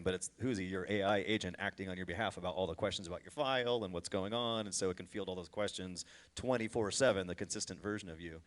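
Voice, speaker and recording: A man who owns a brokerage, speaking on a discussion panel and explaining his points emphatically. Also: sits low. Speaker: brokerage owner.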